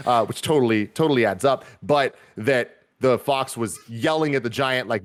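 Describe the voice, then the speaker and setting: A man co-hosts a casual movie review podcast, rambling with plenty of fillers and restarts. His voice is mid-range and his pace moderate.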